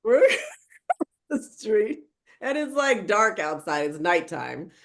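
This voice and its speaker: A woman's voice: mid-range voice, very animated, slow. A woman co-hosting a podcast in casual chat, telling a funny story and laughing at herself. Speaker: podcast co-host.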